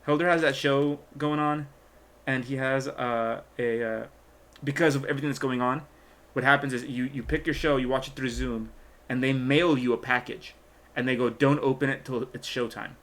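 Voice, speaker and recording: A man's voice: mid-range voice, steady tone, normal speed, fairly bright tone. A man hosting a casual live stream, rambling along with many fillers and trailing thoughts. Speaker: stream host and magician.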